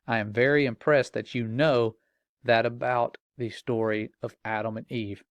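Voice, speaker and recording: A man's voice: medium pitch, steady tone, moderate pace, no echo, dull audio, natural voice. A man reading aloud the polite, reassuring replies of an AI chatbot he calls a demon. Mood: courteous. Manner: smooth, courteous, reassuring.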